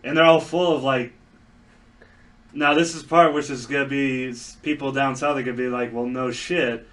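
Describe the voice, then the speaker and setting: A man's voice: medium pitch, fairly even intonation, moderate pace, a bit bright, distant mic. A man from South Dakota, a truck driver, telling rambling anecdotes in a casual podcast chat. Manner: rambling anecdotes with fillers and restarts.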